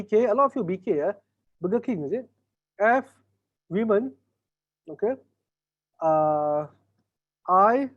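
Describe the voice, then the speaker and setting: A man's voice: high voice, highs cut off. A man with a Malaysian English accent teaching an online business workshop, teasing his class and acting out sales dialogues. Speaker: business trainer. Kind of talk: online workshop lecture with role-play.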